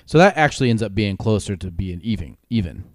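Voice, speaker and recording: Young adult son co-host, slightly low voice, animated storyteller. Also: male voice, quick pace, no room sound, clean studio sound. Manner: animated storyteller, laughs often. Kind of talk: casual family podcast chat.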